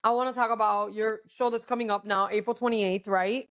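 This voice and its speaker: On this podcast, a female co-host chats and gossips casually, swearing a lot and dropping Spanish words into her English. Her voice is medium-pitched and fairly bright, with fairly even intonation and a slightly quick pace.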